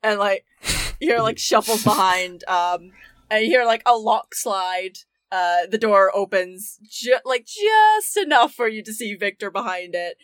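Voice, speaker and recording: A woman's voice: medium pitch, lively intonation, measured pace, fairly bright tone, dry recording. A woman narrating as game master in a casual, chatty way, full of fillers and laughter. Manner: chatty, giggly, lots of fillers. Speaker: dungeon master.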